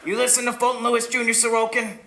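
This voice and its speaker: A man playing a pompous, gravelly factory boss. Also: extremely high pitch, flat delivery, quick pace, bright, forceful tone, heavily acted. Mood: blustering. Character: pompous fussy middle-aged male factory boss. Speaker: stage actor. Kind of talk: amateur stage musical acting. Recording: echoey stage hall.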